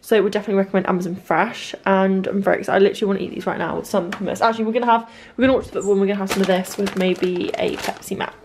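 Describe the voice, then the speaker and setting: A woman's voice: medium pitch, fairly even intonation, very fast, hardly any pauses, a little mellow, slight background noise. A young woman chatting casually at home in a vlog, peppering her talk with "literally". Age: young adult. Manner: chatty, says "literally" constantly. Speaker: vlogger.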